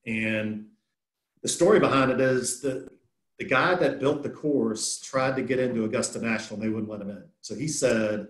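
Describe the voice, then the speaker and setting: A man's voice: medium pitch, normal speed. A man, a golfer, answering an interview question in an easygoing, casual way. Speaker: guest, golfer. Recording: echoey room.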